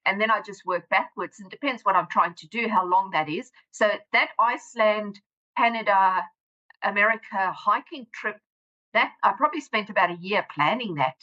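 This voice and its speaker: A South African woman in her fifties, chatting as an interview guest in a rambling way with quick self-corrections. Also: mid-range voice, pushed and bright, muffled recording. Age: 50s. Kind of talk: casual interview chat.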